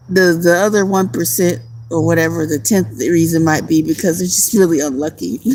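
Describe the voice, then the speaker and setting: A woman's voice: on the low side, darkish tone, a little hiss or hum, rough recording. A woman, chatting casually with viewers on a live stream, laughing often. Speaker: streamer answering chat. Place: outdoors at night.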